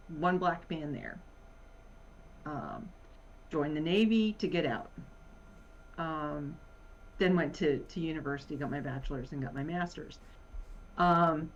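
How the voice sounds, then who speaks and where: A woman with a Virginia accent, a guest in a casual talk, rambling with many pauses and fillers and laughing often. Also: lowish voice, slight background noise. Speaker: podcast guest. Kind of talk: casual conversation. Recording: muffled lo-fi audio.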